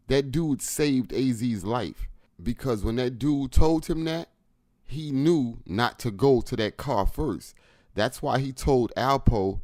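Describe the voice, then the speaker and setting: A man's voice: medium pitch, darkish tone, dry recording. Man w/ AAVE breaking down a street story, dry close sound, pushy emphatic delivery. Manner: emphatic, addresses listeners directly. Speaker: host.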